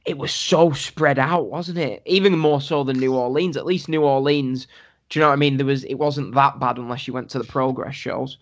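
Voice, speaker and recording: A man's voice: medium pitch, steady tone, normal speed. A man co-hosting a casual podcast chat, steering the talk between topics. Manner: chatty, steers the conversation. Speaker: podcast co-host.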